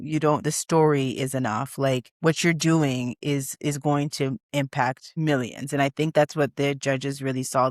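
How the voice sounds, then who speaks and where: Woman guest, animated and emotional storyteller, dry close sound. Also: deep voice, dry recording. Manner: animated, emotional, acts out quoted dialogue. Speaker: guest, business founder. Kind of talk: conversational interview storytelling.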